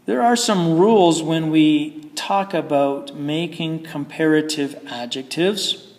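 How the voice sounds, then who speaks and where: A man's voice: a little high, slow, a little mellow, long reverb tail. A man teaching English grammar in a patient, explaining manner with frequent fillers. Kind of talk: recorded grammar lesson.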